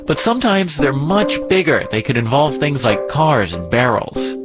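A man's voice: mid-range voice, very animated, moderate pace, loud music behind the voice. A man co-hosting a podcast, explaining in a casual, upbeat way from a script. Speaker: podcast co-host.

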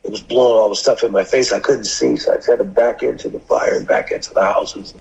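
A man's voice: lowish voice, brisk, a little mellow. An older man, a longtime firefighter, recounting events in an interview with vivid, emphatic storytelling. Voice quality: gravelly, husky. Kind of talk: interview recollection. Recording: dull lo-fi sound.

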